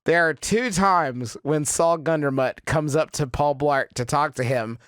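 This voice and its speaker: A man co-hosting a podcast, telling stories in casual comedic chat and quick to laugh. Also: a little high, a bit bright, clean tone, no room sound, studio quality. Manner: giggly, storytelling, quick to laugh. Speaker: podcast co-host.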